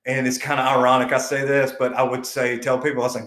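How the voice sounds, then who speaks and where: A podcast co-host in an echoey room tells a long, rambling story full of swearing and laughs. His medium-pitched voice is a bit bright and fast, yet his delivery stays completely flat.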